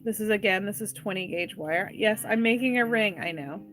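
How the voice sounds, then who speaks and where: A jewelry maker demonstrating wire wrapping leads a live craft tutorial, unhurriedly talking through each step and chatting as she reads and answers viewers' comments between steps. Her mid-range voice is at normal speed, heard over music in poor audio.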